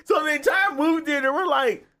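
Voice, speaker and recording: A man co-hosting a podcast, chatting casually about movies in an animated way, laughing and chiming in. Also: extremely high pitch. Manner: animated, quick to laugh and chime in. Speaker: podcast co-host.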